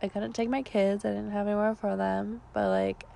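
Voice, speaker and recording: A woman, co-hosting a podcast, telling a long personal story in a raspy voice with many fillers while losing her voice. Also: medium pitch, sing-song, normal speed, dark tone. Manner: rambling, filler-heavy storytelling. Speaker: podcast co-host. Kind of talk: casual storytelling chat.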